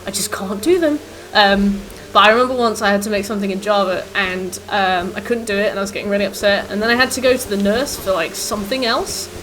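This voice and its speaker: A woman's voice: mid-range voice, fairly even intonation, fast, hardly any pauses, a bit bright, slight background noise. A woman in her twenties, a streamer chatting casually with viewers while gaming, rambling with lots of fillers.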